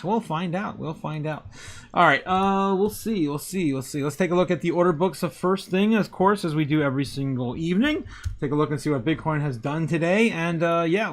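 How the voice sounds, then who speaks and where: A man's voice: fairly high pitch, a bit bright. A man hosting a casual crypto livestream, greeting chat members by name, repeating himself and chuckling often as he reads the charts.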